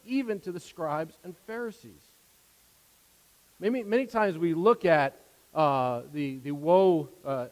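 A man preaching a sermon as a pastor, earnest, repeating words as his volume swings from soft to loud. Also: high voice, big-room sound, rough recording.

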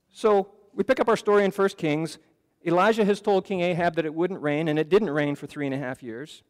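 A man's voice: fairly high pitch, fairly quick. Man preaching in a reverberant church hall. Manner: earnest, conversational preaching with frequent restarts. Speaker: pastor. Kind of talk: sermon. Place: church sanctuary.

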